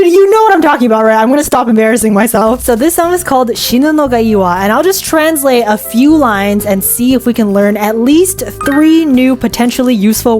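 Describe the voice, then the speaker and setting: A young woman talks straight to camera in a chatty vlog, teasing herself and keeping things light. Her voice sits a touch high, and soft music plays faintly under her words. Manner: playful, self-mocking, chatty. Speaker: vlogger. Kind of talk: casual chat to camera.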